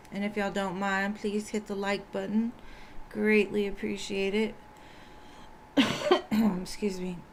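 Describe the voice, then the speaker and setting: A woman tarot reader with a scratchy voice, chatting casually on a live stream and greeting viewers one by one. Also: mid-range voice.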